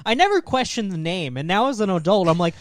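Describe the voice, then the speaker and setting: A man's voice: sits high, very animated, quick pace, no echo. A man co-hosting a comedy podcast, dropping dry, provocative jokes between short replies. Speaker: podcast co-host. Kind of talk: casual comedy podcast chat.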